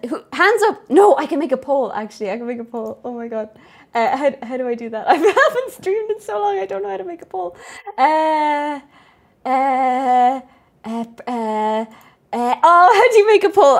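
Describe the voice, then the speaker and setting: A woman game streamer chatting casually to her viewers, scatterbrained and laughing often as she thanks members. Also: high voice. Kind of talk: casual live-stream chat.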